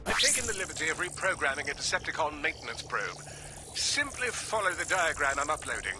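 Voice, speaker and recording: Perceptor, a pedantic robot scientist. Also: male voice, fairly high pitch, big pitch swings, fairly quick, noisy background. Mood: precise. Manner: formal, precise wording. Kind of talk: video game voice acting.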